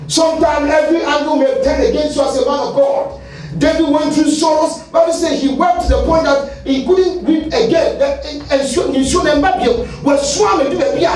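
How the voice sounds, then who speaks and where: A male pastor with a Ghanaian English accent, preaching a fiery sermon and shouting at its peaks. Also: very high-pitched. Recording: echoey hall, far from the mic, light noise.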